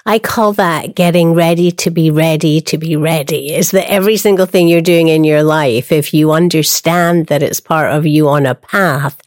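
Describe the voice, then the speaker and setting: A woman hosting an interview podcast, engaged and quick to affirm her guest. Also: deep voice, darkish tone, no room sound, studio quality. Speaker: podcast host. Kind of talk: conversational interview.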